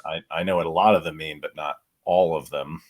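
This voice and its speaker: Deep-voiced man hosting a podcast. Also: brisk. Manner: relaxed, wry, thinks aloud with repeated words. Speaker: podcast host. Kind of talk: casual conversational interview.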